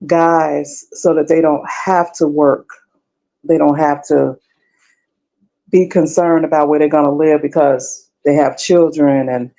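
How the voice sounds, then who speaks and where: Woman, guest, gravelly voice, mellow tone, conversational. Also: low-pitched, rough recording. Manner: conversational, explaining her research. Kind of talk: casual discussion.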